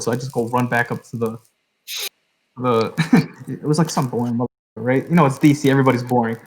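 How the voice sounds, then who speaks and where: A man's voice: mid-range voice, darkish tone, rough recording. A young adult man hosting a podcast, telling a long story in a loose, rambling way, leaning on "like" and "right?". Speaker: podcast host. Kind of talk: casual storytelling.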